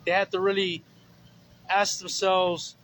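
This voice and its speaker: A man's voice: high-pitched, level tone, slow, a bit bright, rough recording. A man preaching informally outdoors, rambling and earnest, with many fillers. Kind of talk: informal sermon. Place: outdoors on the streets.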